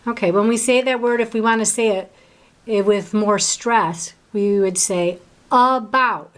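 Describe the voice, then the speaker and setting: A woman's voice: mid-range voice, fairly even intonation, normal speed. A woman teacher giving a one-on-one reading lesson, patient and full of prompting questions.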